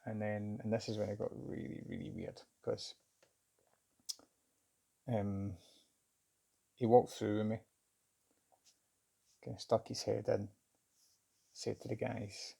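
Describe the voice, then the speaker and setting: Middle-aged man, dark low husky voice, reflective first-person story, candid and halting. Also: level tone. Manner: candid, halting, self-searching. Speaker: vlogger recounting a job interview.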